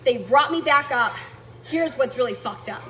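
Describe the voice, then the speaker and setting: A woman's voice: sits high, animated, moderate pace, bright, forceful tone, slight background noise, rough recording. A woman venting to viewers in a blunt, indignant storytelling rant, swearing as she goes. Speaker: vlogger telling a personal story.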